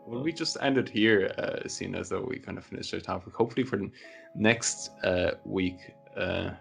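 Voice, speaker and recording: A man with a very low, gravelly voice hosts a casual podcast among friends. He rambles and fills pauses with ums and likes. Faint music sits under the talk. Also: a bit bright. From Poland. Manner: rambling, many fillers. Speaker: podcast host. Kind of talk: casual chat.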